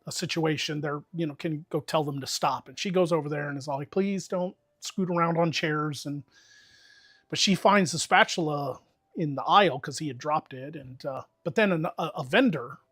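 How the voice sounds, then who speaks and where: A man's voice: on the high side, a little fast, fairly bright tone, slightly rough, no echo, clean studio sound. A man casually telling a long, profane story to friends on a stream, talking with lots of energy.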